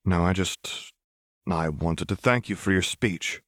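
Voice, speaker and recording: A man's voice: low voice, measured pace, fairly bright tone, no room sound, clean studio sound. A man reading the part of a young woman graduate who speaks in a polite, eager way. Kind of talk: audiobook reading of fan fiction.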